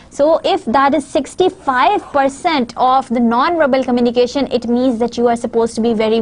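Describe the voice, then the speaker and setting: A woman from Pakistan lectures on communication skills for a recorded course. Her voice sits high, and she explains each slide slowly, filling gaps with hesitant fillers. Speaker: university lecturer.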